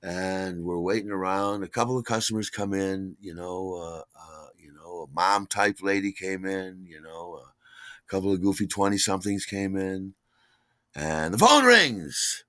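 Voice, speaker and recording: A man with a deep, low voice and a bright, forceful edge tells a rambling story in a dry, close-miked room. He talks casually and breaks into loud acted-out lines when he quotes people. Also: unhurried, no room sound. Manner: rambling, animated, acts out others' shouts. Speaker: podcast storyteller. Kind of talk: casual spoken memoir.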